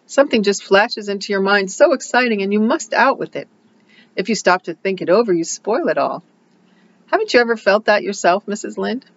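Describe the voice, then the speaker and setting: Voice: medium pitch, lively intonation, brisk, muffled recording, a little hiss or hum, pitched above the performer's own voice, natural voice. A reader voicing an impulsive, dramatic orphan girl who pleads earnestly in a storybook. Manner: earnest and pleading, breathless outpourings.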